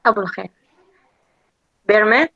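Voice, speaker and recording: A woman's voice: medium pitch, measured pace, vocal fry, bright, forceful tone. A female student explaining tentatively in an online class, stumbling over her words. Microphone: video call. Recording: muffled video call audio.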